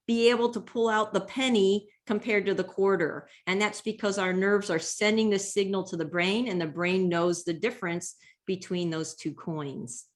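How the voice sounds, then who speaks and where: Woman teaching brain stuff from slides, calm and patient, lots of ums, mid pitch. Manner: explanatory, patient, frequent ums. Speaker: neuroscience lecturer. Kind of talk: slide-based health lecture.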